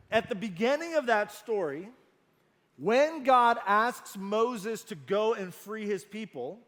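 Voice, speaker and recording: Earnest high-voiced male pastor preaching. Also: a bit bright, in a large hall. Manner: earnest, emphatic, slows down on key phrases. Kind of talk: sermon.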